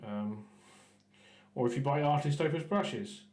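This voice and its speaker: Man, casual painting stream, rambling, stumbling restarts, mid pitch, roomy echo. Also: measured pace. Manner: rambling, chatty, stumbling restarts, trailing off quietly while concentrating. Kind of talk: casual painting livestream chat.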